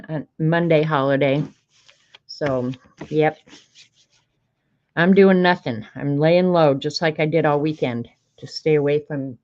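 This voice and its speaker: A woman with a lowish voice hosts a relaxed art livestream, greeting viewers by name and reading snarky sayings aloud. Her chat is easygoing and chatty. The stream audio sounds a little dull and lo-fi.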